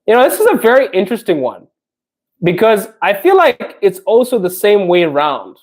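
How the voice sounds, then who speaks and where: A man's voice: high voice, big pitch swings, moderate pace. Upbeat man hosting a live chat stream. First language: not Russian; learning Russian. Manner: friendly, chatty, laughs often, addresses viewers directly. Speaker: podcast host reading live chat comments. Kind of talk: casual livestream chat.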